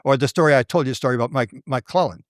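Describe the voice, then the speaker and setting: A man's voice: mid-range voice, rapid-fire, no room sound, studio quality. An older man, a guest researcher, telling stories in a casual chat and acting out the people he quotes. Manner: animated, acts out the voices in his stories. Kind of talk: casual conversational storytelling.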